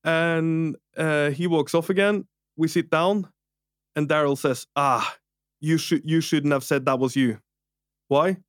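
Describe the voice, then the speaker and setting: A man co-hosting a podcast, telling an anecdote in a lively, laughing way. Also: a little high, a little slow, no echo, clean studio sound. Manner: animated, laughs through his own story. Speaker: podcast co-host. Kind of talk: casual podcast storytelling.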